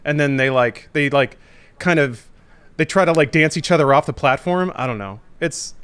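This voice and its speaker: A young man co-hosting a podcast, talking in an excitable, rambling way with many fillers. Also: on the high side, normal speed, smooth. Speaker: podcast co-host. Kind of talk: casual chat.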